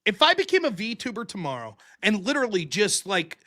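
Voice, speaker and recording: A man hosting a podcast in casual chat, reading viewer messages and joking around. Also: high-pitched. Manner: animated, joking, quick to laugh. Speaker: podcast host reading super chats.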